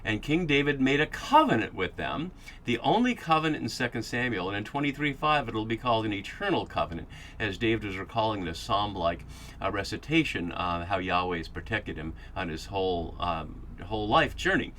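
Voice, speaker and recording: A man's voice: fairly low pitch, lively intonation, fairly quick, fairly bright tone, a little hiss or hum. A man hosting a podcast, giving a Bible study lecture that explains passages and thinks aloud as he goes. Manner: thinking aloud with fillers and restarts.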